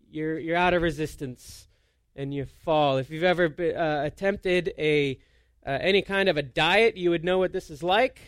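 A man preaching a conversational sermon as a pastor. He tells self-deprecating stories in an animated way and often restarts his sentences. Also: a little high, no echo, clean studio sound. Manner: storytelling with frequent restarts.

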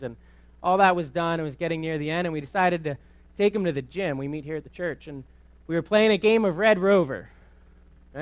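Man, 30s, preacher telling a story conversationally, slightly high voice, dry close sound. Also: smooth, no room sound. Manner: conversational storytelling with many restarts. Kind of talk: sermon testimony. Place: church.

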